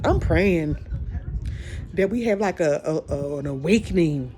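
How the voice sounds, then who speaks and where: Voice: medium pitch, measured pace. Heartfelt rambling podcast talker, noisy background. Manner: heartfelt, rambling, repeats phrases, says y'all. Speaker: podcast host. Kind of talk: casual encouraging monologue. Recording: steady background noise.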